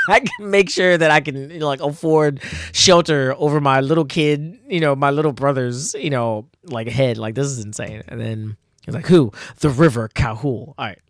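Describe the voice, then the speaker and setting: A man's voice: fairly high pitch, moderate pace, no echo. A man casually reading through his own old comic, laughing a lot and poking fun at himself with many fillers. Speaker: comic artist reviewing own old work.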